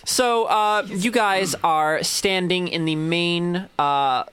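A man leads his friends through a tabletop game as game master. His voice sits a little high, and he lingers over his scene descriptions, then breaks off to joke with the table. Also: fairly bright tone, clear, resonant tone, no room sound. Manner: slow descriptive narration with joking asides.

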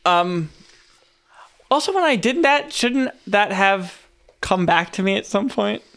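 A man's voice: high voice, slow, fairly bright tone, smooth. A man co-hosting a podcast, trading playful jokes in casual banter. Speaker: podcast co-host. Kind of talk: casual chat.

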